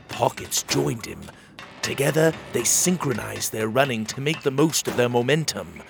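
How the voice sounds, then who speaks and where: A man narrating a children's storybook in an animated, expressive way. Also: medium pitch, moderate pace, creaky, over music.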